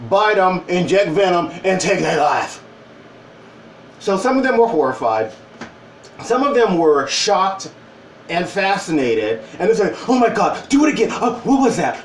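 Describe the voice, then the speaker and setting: Man, mid-forties, casual vlog storyteller, lively swooping pitch, recorded distant in an echoey room. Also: slight background noise. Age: 40s. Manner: animated, wry storytelling with quoted voices. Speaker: vlogger. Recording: roomy, distant from the mic.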